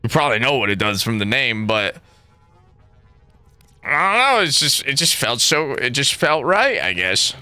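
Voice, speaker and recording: A man's voice: medium pitch, very animated, normal speed, pushed and bright, no echo, faint music behind. A young man streaming a game, chatting casually with viewers in a rambling, profane way that keeps breaking into laughter. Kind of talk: casual livestream chat.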